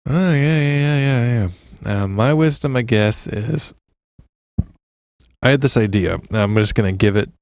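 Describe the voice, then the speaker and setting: A man co-hosting a podcast in casual chat, telling animated stories and leaping into high excited impressions. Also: unhurried, clean tone, no echo. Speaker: podcast co-host.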